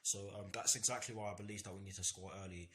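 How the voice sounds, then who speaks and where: Speaking fast with a low-leaning, bright and forceful voice, a young football fan vlogger previews a match with fairly even intonation. His talk is earnest, repetitive and sometimes stammered, over a slight hiss or hum.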